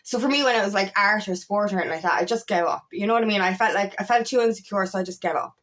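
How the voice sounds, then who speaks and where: A woman's voice: mid-range voice, very fast, a bit bright. A woman coach giving a motivational talk to camera, emphatic and blunt, swearing freely and repeating her points. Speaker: feminine empowerment coach.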